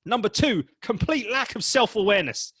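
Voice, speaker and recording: Brief: male speaking coach, punchy, blunt, fairly high voice, dry close mic. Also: normal speed, husky, no room sound. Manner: energetic, emphatic and blunt, with mild swearing. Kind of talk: direct-to-camera coaching talk.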